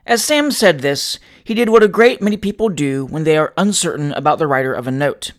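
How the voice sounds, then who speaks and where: A man narrating a classic novel aloud in a measured, expressive storytelling manner. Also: on the high side. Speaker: audiobook narrator.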